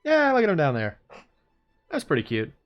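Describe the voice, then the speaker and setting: A man's voice: on the high side, wildly swooping pitch, normal speed, muffled recording, faint music behind. Laid-back man chatting while drawing. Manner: rambling, laid-back, chuckling to himself. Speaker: streamer. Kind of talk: casual chat while drawing.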